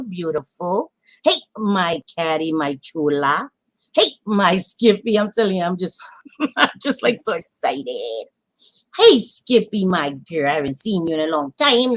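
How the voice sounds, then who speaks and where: A woman hosting a casual livestream, greeting viewers warmly by pet names and swearing freely in animated chat. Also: mid-range voice. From Latina. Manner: animated, swearing, affectionate nicknames. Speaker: livestream host.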